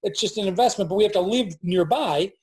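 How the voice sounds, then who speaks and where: Speaking from his farm, an entrepreneur in his forties appears as a guest in a casual interview, telling a story animatedly and acting out the voices of those he quotes. His voice is high and quick.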